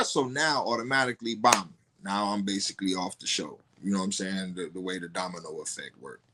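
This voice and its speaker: A man's voice: low voice, bright, forceful tone. A man, a podcast guest, telling a personal story in casual, profane talk full of restarts. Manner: profane, halting, many restarts.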